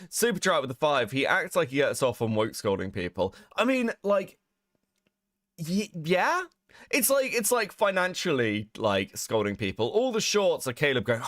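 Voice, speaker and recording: A man's voice: fairly high pitch, moderate pace, no echo, clean studio sound. A young man co-hosting a stream, reacting casually with frequent laughs and swearing. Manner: animated, laughs often, swears freely. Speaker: streamer co-host.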